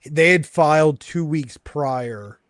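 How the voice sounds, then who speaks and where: A man's voice: a little high, slow pace. Dry-toned man asking pointed questions. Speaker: podcast co-host. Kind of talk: casual sports chat.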